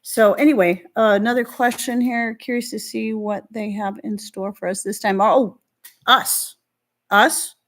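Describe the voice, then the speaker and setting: A woman's voice: fairly high pitch, fairly even intonation, a little slow, fairly bright tone. A middle-aged woman hosting a live stream, talking through viewer questions in a heartfelt, faith-filled way, rambling and restarting, fighting back tears. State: emotional, near tears.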